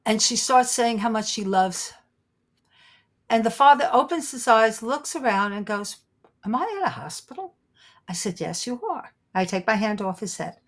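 An older woman from Brooklyn with a New York accent, a guest telling her stories with animated flair and frequent laughter. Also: on the high side, normal speed. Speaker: guest, psychic detective. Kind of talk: animated storytelling in conversation.

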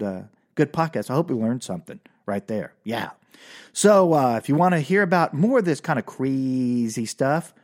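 A man hosting a comedy podcast, telling a story in an animated, excitable way. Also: fairly high pitch. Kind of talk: storytelling monologue.

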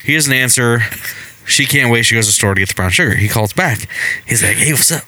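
A man's voice: medium pitch, fairly quick, bright, forceful tone, no echo. A man co-hosting a casual podcast chat, laughing often while he tells anecdotes. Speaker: podcast co-host.

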